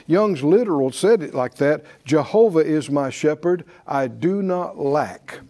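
Here a preacher speaks in a fairly high, animated voice, unhurried and dark in tone. His verses land with emphatic rhythm, and he keeps leading the audience in repeated responses.

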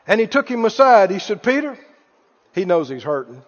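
A man preaching a sermon, animated, acting out Bible dialogue with chuckles. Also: high-pitched, brisk. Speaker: pastor. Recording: dull sound with long hall reverb.

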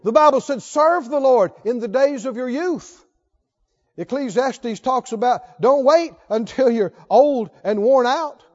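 A man preaching a sermon as pastor, reading scripture and rising to shouted exhortations to the congregation. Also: very high-pitched, unhurried. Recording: dull lo-fi sermon recording.

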